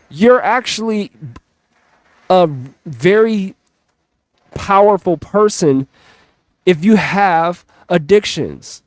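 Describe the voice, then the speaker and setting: Slow, earnest motivational man. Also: high voice, lively intonation, no room sound, studio quality. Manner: earnest, emphatic, drawn-out phrases. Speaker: motivational speaker. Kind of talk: motivational talk.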